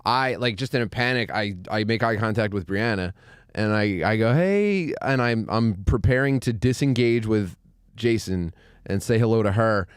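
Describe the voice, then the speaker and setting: Young male podcast host, low voice, dry close mic, animated storyteller who does voices. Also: moderate pace, clean tone, dry recording. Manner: animated storyteller, acts out other people's voices. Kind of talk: casual podcast chat.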